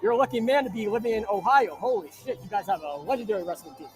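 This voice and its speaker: High-voiced brash man hosting a live stream. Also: animated, fast talker, soft background music. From New Jersey. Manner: brash, crude joking shout-outs. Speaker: livestream host. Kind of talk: live-stream chat reading viewer comments. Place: inside an arena.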